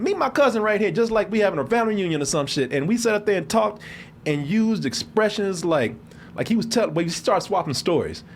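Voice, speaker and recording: High, lively man telling a story. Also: a little fast, slight background noise. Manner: animated, laughing, acts out quotes. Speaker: show host. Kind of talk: casual storytelling chat.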